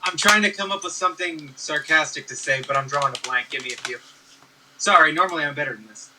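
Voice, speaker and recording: A man's voice: on the high side, quick pace, distant mic, background noise. A man playing a tabletop game, thinking aloud in a casual, self-deprecating way. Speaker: player.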